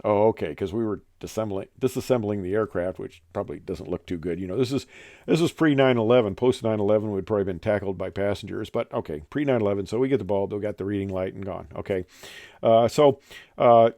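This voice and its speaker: A man's voice: on the low side, fast, warm tone, dry recording, clean studio sound. An older man, a retired airline pilot, telling stories in a rambling, casual way with many fillers and restarts. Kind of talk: casual storytelling monologue.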